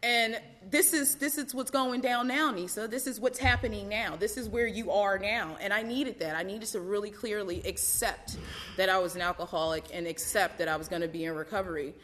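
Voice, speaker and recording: A woman tells her own recovery story in a candid, conversational way. She talks loosely, with many fillers and laughs breaking through, at a middle pitch. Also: brisk, fairly bright tone, slight background noise. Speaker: recovery meeting speaker. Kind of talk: personal testimony.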